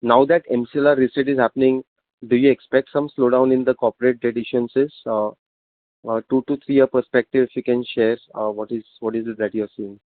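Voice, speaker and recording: A man, an analyst, asking a halting question with many fillers. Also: medium pitch, little pitch movement, no room sound. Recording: tinny phone line.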